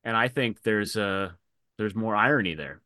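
A man's voice: on the low side, normal speed, sharp tone, dry recording, clean studio sound. A man talking frankly in a casual film discussion, swearing freely and retelling scenes. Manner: retells scenes with quoted voices.

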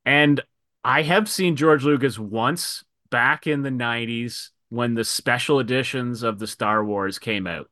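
A man talking casually on a podcast, his voice bright and forward. The sound is dry and close to the mic, with no room around it. He tells stories with animation and acts out the lines he quotes. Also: mid-range voice, a little slow, no echo. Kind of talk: casual chat.

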